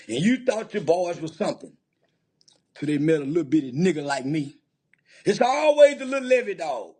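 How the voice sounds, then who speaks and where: Husky, taunting man ranting. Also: fairly high pitch, very animated, normal speed, a little mellow. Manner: profane, taunting, insulting. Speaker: commentator. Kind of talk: angry rant commentary.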